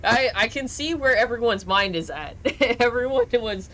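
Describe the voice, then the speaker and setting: A woman's voice: on the high side, lively intonation, moderate pace, a bit bright, a little hiss or hum. A young woman streaming from home, chatting casually while gaming, giggling and joking as she reads chat aloud.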